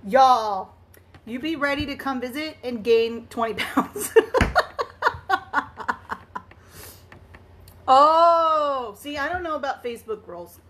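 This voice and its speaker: Bubbly high-voiced woman crafter. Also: measured pace, a bit bright, slight background noise. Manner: chatty and bubbly, greets viewers by name, laughs often. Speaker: tumbler crafter hosting a live stream. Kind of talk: casual live-stream chat while crafting.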